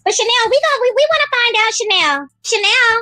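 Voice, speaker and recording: A woman's voice: extremely high pitch, bright, forceful tone, dry recording. A woman in her fifties ranting on a livestream, taunting and dragging out jeers. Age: 50s. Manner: taunting, drawn-out slow jeers. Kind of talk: livestream rant.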